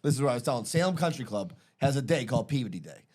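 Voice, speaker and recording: A man's voice: medium pitch, sing-song, very fast, a little mellow. A man hosting a casual podcast, telling a rambling, profane story and laughing along with it. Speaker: podcast host.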